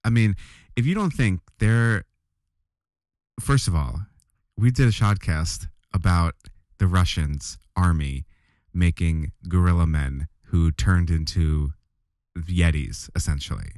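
A man's voice: low voice, slow, a little mellow, dry recording, clean studio sound. A man in his thirties, co-hosting a podcast in casual banter, playfully argumentative and mock indignant. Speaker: podcast co-host.

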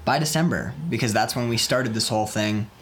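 A man's voice: mid-range voice, a little fast, heavy background noise. A man chatting casually about his indie film, joking around, rambling and laughing often. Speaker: indie filmmaker. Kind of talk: casual chat.

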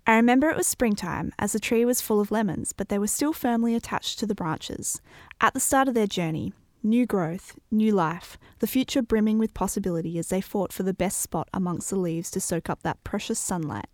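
A woman's voice: mid-range voice, a little fast, dry recording, clean studio sound. Woman telling a vivid personal story. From Australia.

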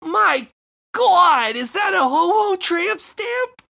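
A fussy shop owner who guards his list of members and sounds high and emphatic. A woman plays him in an improvised comedy skit. The voice moves up and down a lot and goes slowly. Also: expressive, a bit bright, full character voice. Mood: delighted. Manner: high, emphatic, hesitant gatekeeping. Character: fussy male retro game shop owner.

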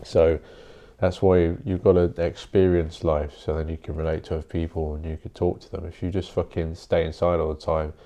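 Deep gravelly sweary man. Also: flat delivery, brisk, mellow. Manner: rambling, sweary, blunt. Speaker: podcast host. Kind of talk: casual solo monologue.

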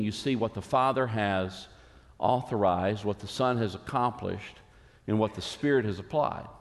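A man preaching a sermon as a pastor, earnest and emphatic, with dramatic pauses. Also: on the low side, in a large hall.

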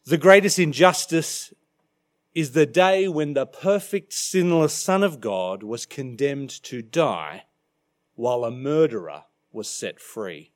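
A middle-aged Australian man preaching a sermon as minister, emphatic, dropping to quiet for weight. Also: mid-range voice, expressive, slow pace. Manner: emphatic, dramatic shifts in loudness.

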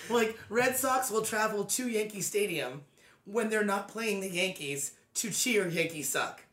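A woman's voice: mid-range voice, lively intonation, unhurried, fairly bright tone. Laughing, rambling woman comedian from Boston. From Boston area. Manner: laughs through her lines, rambling and wry. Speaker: guest comedian. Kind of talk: casual podcast banter. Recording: roomy echo.

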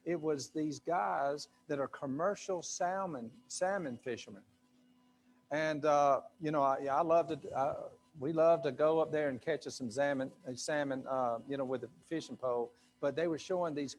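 A man with a fairly high voice, speaking at a normal speed, delivers a sermon to a live congregation in a church sanctuary. He's a pastor with a loose, conversational style full of fillers and asides.

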